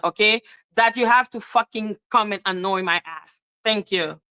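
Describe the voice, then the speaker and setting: Profane, ranting woman with a bright voice. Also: medium pitch, normal speed, smooth, rough recording. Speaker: livestream commentator. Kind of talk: casual livestream rant.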